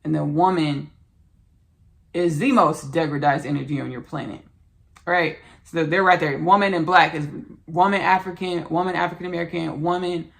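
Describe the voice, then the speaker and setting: A woman's voice: deep voice, fairly even intonation, normal speed, gravelly. A woman hosting a spiritual podcast, speaking in an earnest, repetitive, preachy way as she talks about channeling. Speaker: podcast host.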